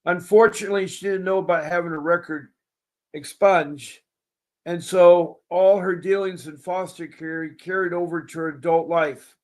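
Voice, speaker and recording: A man's voice: high voice, steady tone, normal speed, darkish tone. A man hosting a call-in show, talking in a rambling, folksy way and repeating himself. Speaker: show host. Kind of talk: casual call-in show talk.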